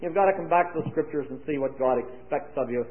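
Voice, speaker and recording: A man's voice: a little high, fast. A man preaching a sermon to young people at a conference, with dry humorous asides. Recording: tinny lo-fi, phone-like sound.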